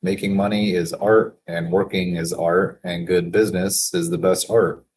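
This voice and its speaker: A man in a casual solo work session, thinking aloud and reading quotes slowly, chuckling to himself now and then. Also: deep voice, level tone, a little mellow. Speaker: business consultant reading daily quotes.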